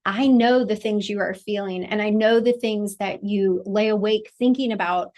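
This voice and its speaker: A woman's voice: mid-range voice, steady tone, moderate pace, darkish tone. A middle-aged woman, a childbirth educator, teaching a live online class in a chatty, encouraging way over a video call.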